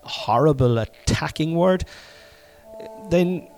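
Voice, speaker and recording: A middle-aged Irish man hosting a podcast from home while sick, coughing now and then, rambling and swearing, with sudden loud bursts. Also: a little high, expressive, slow, faint music behind. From Ireland. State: sick with covid, congested and coughing. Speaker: podcast host. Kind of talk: casual solo podcast monologue.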